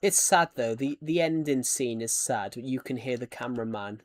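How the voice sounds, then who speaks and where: Male streamer, casual rambling chat, mid-pitched, restarts often. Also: moderate pace. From United Kingdom. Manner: rambling, many false starts and restarts. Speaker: Minecraft streamer. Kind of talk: casual chat while gaming.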